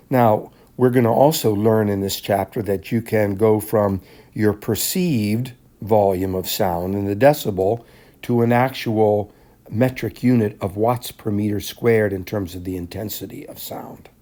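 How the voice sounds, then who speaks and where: A man teaching a class, explaining the material in a measured, step-by-step way and often clearing his throat. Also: fairly low pitch, warm tone. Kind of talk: classroom lecture explaining handouts.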